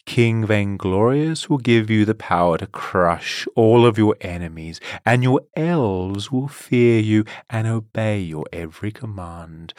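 A man reading a storybook, voicing a condescending female tempter who coaxes slowly and then commands. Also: on the low side, darkish tone, no echo, studio quality. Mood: commanding. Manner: slow, coaxing, then commanding. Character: scheming woman tempter, silky and condescending.

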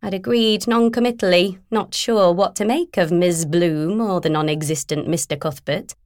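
A woman narrating a first-person novel in a wry, steady storytelling manner. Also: lowish voice, moderate pace, no room sound, clean studio sound. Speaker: audiobook narrator.

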